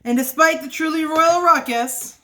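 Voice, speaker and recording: A woman reading a children's picture book aloud for a library storytime, playful and expressive, at home. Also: high voice, moderate pace, a little hiss or hum.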